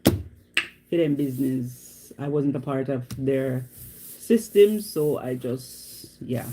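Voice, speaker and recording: A woman with a Jamaican accent hosting a livestream, chatting casually and telling stories in an animated way, often laughing. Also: very deep voice, slow, slightly rough. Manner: loose, chatty asides to viewers. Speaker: livestream host. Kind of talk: casual storytelling to live viewers.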